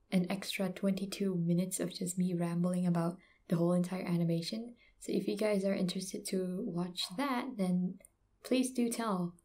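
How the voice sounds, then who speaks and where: A woman's voice: mid-range voice, gravelly. A young woman in college, reacting to an animation with gasps and exclamations, then chatting casually to her viewers. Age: young adult. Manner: excitable, gasping and exclaiming, then rambling. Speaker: reaction video host.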